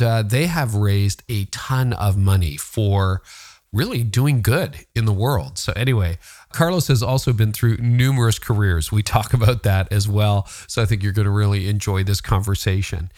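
A man's voice: on the low side, a little mellow. Canadian man hosting a podcast. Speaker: podcast host. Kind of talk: interview podcast.

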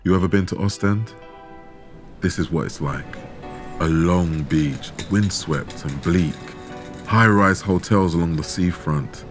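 A man telling a true story in measured, dramatic scripted narration, with rhetorical questions. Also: sits low. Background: background music.

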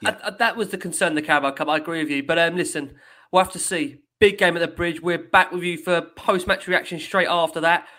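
Male host, high and bright, upbeat, quick to agree. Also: steady tone. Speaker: host of a live football fan show. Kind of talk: live show hosting.

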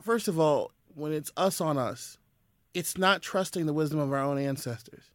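Lively storyteller man. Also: fairly high pitch, normal speed, dry recording, studio quality. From US South. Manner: animated storyteller. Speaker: guest. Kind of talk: casual podcast conversation.

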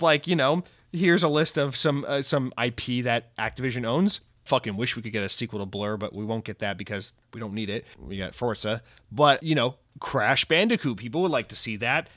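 A young man who rants about video games in a casual, rambling, profane and excitable way. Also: mid-range voice, dry recording, clean studio sound. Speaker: gaming commentator. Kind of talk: casual rant.

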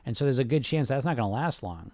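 A man's voice: mid-range voice, lively intonation, fast, a little mellow, dry recording. A man hosting a casual coaching talk on weight loss who speaks conversationally, restarts his sentences and keeps tagging them with "right?". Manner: reads viewer comments aloud. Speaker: weight loss hypnotist and podcast host.

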